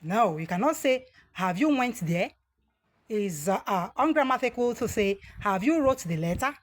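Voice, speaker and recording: A woman from Nigeria with a Nigerian English accent, teaching a grammar lesson. She speaks slowly and deliberately, reads out model sentences and pauses often on "uh". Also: a little high, lively intonation. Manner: slow, deliberate model sentences with frequent "uh" fillers.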